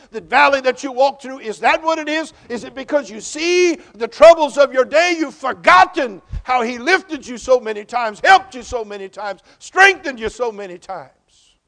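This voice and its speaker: A male pastor preaching a sermon, calling out emphatically with repeated rhetorical questions to the congregation. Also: very high-pitched. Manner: quiet storytelling in parts.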